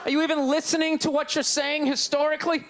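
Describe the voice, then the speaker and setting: Here the middle-aged stand-up comedian, Boston accent intact, moves at a quick pace in a very high, slightly bright voice with little pitch movement. His brash rant mocks the live audience from the comedy stage, captured on a handheld stage mic in a live club recording with crowd noise.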